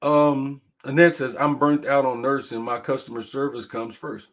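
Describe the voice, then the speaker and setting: A man's voice: medium pitch, normal speed. A middle-aged man hosting a casual live-stream talk show, telling stories and reading viewer comments aloud. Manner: animated storytelling, reads viewer comments aloud, laughs hard.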